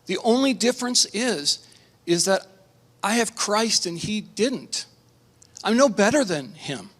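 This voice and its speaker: A man's voice: high voice, expressive, a bit bright. Earnest man pastor in a reverberant hall. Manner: earnest, emotional storytelling with halting restarts. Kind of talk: personal testimony at a conference. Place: conference hall.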